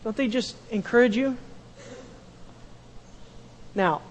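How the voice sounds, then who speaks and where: A pastor preaching a sermon, repeating key phrases and swinging from loud emphasis to a hushed tone. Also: male voice, extremely high pitch, slow, in a large hall, a little hiss or hum.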